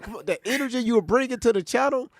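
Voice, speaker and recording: A man's voice: extremely high pitch, racing. A man co-hosting a reaction stream who mostly chimes in with short agreements, then tells his own side. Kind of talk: casual commentary chat.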